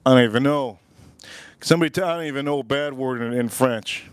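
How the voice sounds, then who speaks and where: A man's voice: mid-range voice, quick pace, smooth. A man hosting a live cooking demo at a windy outdoor grill, rambling and joking, often repeating his phrases. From United States. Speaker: cooking livestream host.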